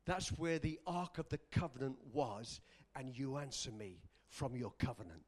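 A man preaching a sermon, animated and bursting into shouts at moments of emphasis. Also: medium pitch, normal speed.

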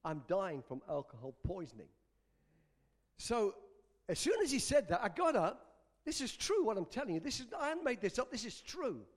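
High, lively-voiced male preacher. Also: brisk. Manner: emphatic, repeats lines for stress. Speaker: pastor. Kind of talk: sermon.

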